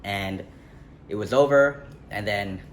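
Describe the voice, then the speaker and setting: A man's voice: on the low side, slow. A young man telling a personal story in a casual vlog, rambling and correcting himself with lots of fillers. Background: faint street ambience, passing traffic.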